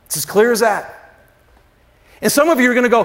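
Animated high-voiced man preaching. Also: fairly quick. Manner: conversational, asks the congregation questions; slangy and animated, with sudden drops to a hush. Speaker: pastor. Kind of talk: sermon.

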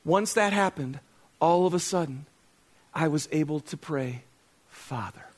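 Pastor, middle-aged man, high-pitched, relaxed and conversational from the pulpit, quizzes his congregation. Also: moderate pace. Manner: conversational, self-deprecating, asks the congregation questions. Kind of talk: sermon.

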